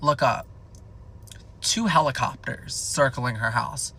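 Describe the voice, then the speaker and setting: Gravelly young man telling a rambling story. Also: mid-range voice, takes it slowly. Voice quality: gravelly fry. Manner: rambling, profane, animated, filled with "like". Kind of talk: casual comedic storytime.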